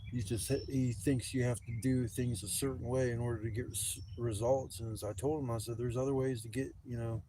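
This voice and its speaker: A rambling, foul-mouthed man talks casually into a handheld camera on a gimbal while camping outdoors. His voice sits at an ordinary middle pitch, with faint outdoor ambience in the background. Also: flat delivery, fairly quick, few pauses, warm tone, slight background noise. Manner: rambling, profane, griping. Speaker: camping vlogger. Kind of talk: casual livestream chat. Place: outdoors at a campsite.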